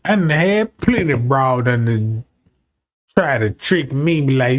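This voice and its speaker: A man livestreaming, telling a profane, rambling story to his chat, dropping to low mutters and then shouting. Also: sing-song, moderate pace. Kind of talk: casual storytelling to a live chat.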